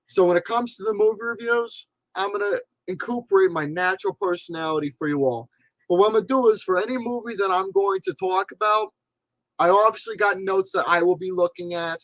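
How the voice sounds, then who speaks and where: A man's voice: sits high, fairly bright tone, dry recording, low-quality recording. A man in his forties, a movie reviewer and channel host, giving a blunt, profane, emphatic livestream monologue.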